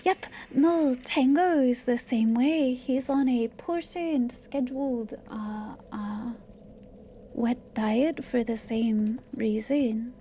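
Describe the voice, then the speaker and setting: A woman streamer chatting casually while she plays, thinking aloud in a meandering way and often dropping to soft asides. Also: a little high, takes it slowly, slight background noise. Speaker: live streamer. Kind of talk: casual gameplay commentary.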